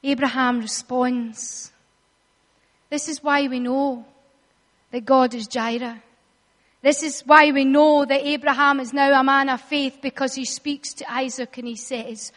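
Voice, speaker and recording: High-voiced woman preaching in a hall. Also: unhurried. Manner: dramatic storytelling, acting out voices, rising to shouts. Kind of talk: sermon. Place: church hall. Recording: long reverb of a large hall.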